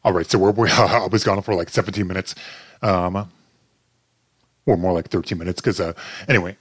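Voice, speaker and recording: A man's voice: sits low, steady tone, fairly quick, breathy edge. A young man giving casual, joking commentary as host of a game playthrough. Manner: laughing asides, joking. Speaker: let's play host.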